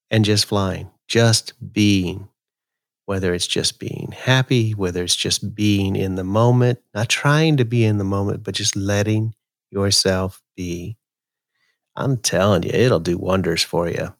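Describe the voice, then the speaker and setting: A man's voice: fairly low pitch, vocal fry, no room sound, studio quality. A man hosting a podcast, chatting casually in a folksy way and reading his own poem aloud. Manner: slow, relaxed, folksy delivery. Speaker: podcast host. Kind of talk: casual talk and poetry reading.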